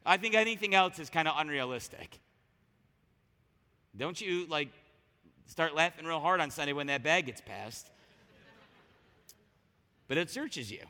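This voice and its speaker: A man preaching a sermon as a pastor, talking in a conversational, animated way with frequent restarts. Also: fairly high pitch, unhurried, long pauses, long reverb tail.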